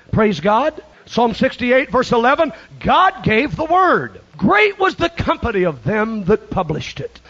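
A man delivers an impassioned sermon in a high voice, rising to shouts and then dropping to low, hushed phrases. The recording is dull and lo-fi. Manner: impassioned preaching with big swings between shouts and hushed lines. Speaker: preacher.

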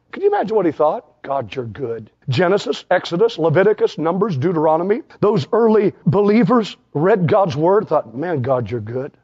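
A male preacher delivering a sermon, quoting scripture and swinging between shouted peaks and low, hushed asides. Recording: dull lo-fi sound.

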